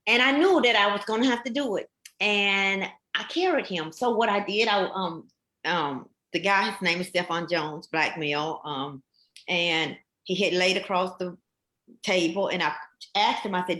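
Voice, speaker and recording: A woman's voice: mid-range voice, moderate pace, sharp tone. A woman, a fire captain on a panel, telling her story earnestly and emphatically, with many repetitions. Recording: echoey room.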